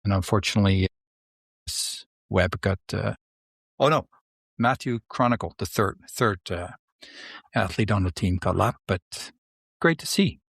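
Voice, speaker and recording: A man's voice: on the low side, animated, measured pace, creaky, pauses often, a bit bright, breathy edge, no echo, studio quality. A man co-hosting a sports podcast, talking casually and hesitantly, searching for his words. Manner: hesitant, many fillers and restarts. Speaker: podcast co-host. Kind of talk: casual chat.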